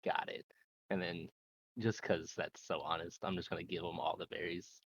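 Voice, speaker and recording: A man's voice: sits low, fairly even intonation, moderate pace, slightly rough, no echo, muffled recording. A man playing in a tabletop game, eager and rambling with filler words. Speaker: player. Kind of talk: tabletop role-play.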